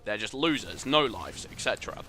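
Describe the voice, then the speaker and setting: A man's voice: mid-range voice, animated, a little fast, pushed and bright, a little hiss or hum. A young man giving earnest, rambling voice-over commentary over gameplay, opinionated and full of fillers. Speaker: gaming channel host.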